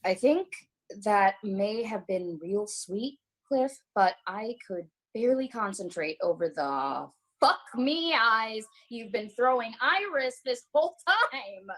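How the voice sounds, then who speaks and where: A woman's voice: fairly high pitch, animated, slow pace, a bit bright, full character voice, low-quality recording. An actress playing a foul-mouthed, abrasive young actress who hurls insults at her castmates in a comedic video-call drama. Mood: scornful. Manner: insulting, profane and scornful.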